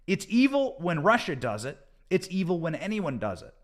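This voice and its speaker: An American man hosts a political commentary show, speaking emphatically and sarcastically and repeating points for effect. His voice is high and sing-song, at a normal speed.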